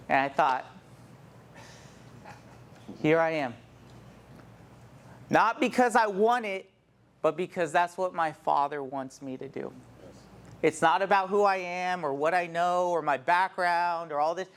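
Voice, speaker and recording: A man's voice: sits high, measured pace, long pauses, a bit bright. A man in his thirties, a church planter, telling a heartfelt personal testimony in an earnest storytelling manner.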